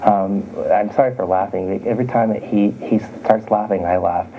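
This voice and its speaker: Low-voiced man giving a medium reading. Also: steady tone, normal speed, a little hiss or hum. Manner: chatty, circling back and restating points. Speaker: psychic medium. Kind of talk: live reading to sitters. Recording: dull lo-fi recording.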